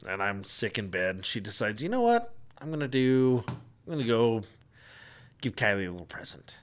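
A man's voice: mid-range voice, big pitch swings, moderate pace, clean tone. A man co-hosting a podcast, telling an exasperated, profane story in a casual rant. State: sick with flu at the time told, not now. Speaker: podcast co-host.

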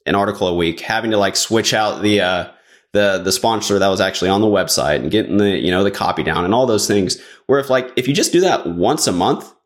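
A man chatting casually as a podcast guest, rambling along with lots of "like" fillers. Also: fairly low pitch. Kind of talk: casual chat.

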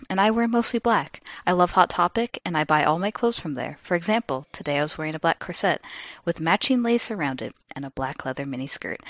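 Theatrical woman with a lively, bright voice. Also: fairly low pitch, highs cut off. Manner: theatrical, mock-solemn reading with sudden loud bursts. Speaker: podcast co-host. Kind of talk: comedic dramatic reading.

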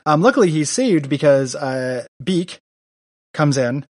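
A man's voice: fairly high pitch, expressive, measured pace, dry recording, clean studio sound. A man co-hosting a podcast, chatting casually about a comic book, rambling with lots of fillers and reading out lines. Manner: rambling, many fillers, reads villain lines aloud. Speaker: podcast co-host.

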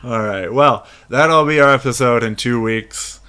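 A man's voice: medium pitch, a little slow, bright, forceful tone, smooth. A man hosting a casual podcast chat, joking and delivering a mock-earnest closing segment. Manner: jokey, mock-earnest sign-off. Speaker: podcast host.

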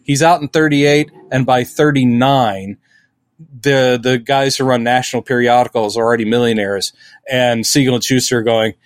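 A middle-aged man co-hosting a podcast in casual chat, animated and putting on silly voices when quoting. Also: mid-range voice, normal speed, no echo, studio quality. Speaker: podcast co-host.

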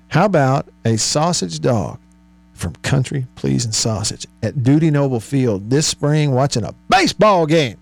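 A man's voice: mid-range voice, sing-song, a little slow, vocal fry, no echo. A man hosting a radio talk show, chatting and joking with his co-host and laughing often. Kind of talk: casual on-air banter.

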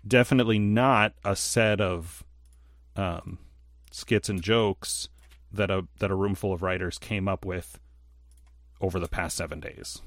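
A man with a fairly low voice, chatting casually on a podcast. He rambles and fills pauses with ums and you-knows, and gets animated when retelling something funny. The sound is close and dry. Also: dry recording. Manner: rambling, animated storyteller with many fillers. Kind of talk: casual chat.

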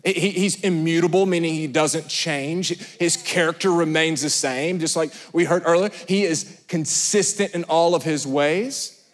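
A male pastor delivering a sermon with a notably high-pitched voice. He tells stories with animated shifts between loud emphasis and quiet asides. His voice carries a long reverb from a large hall. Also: moderate pace.

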